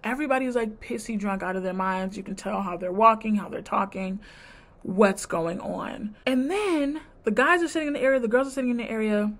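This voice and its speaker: A woman's voice: mid-range voice, fairly quick. A woman vlogger recapping a reality show in casual chat, with blunt, sassy commentary and slang. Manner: retells scenes by quoting people.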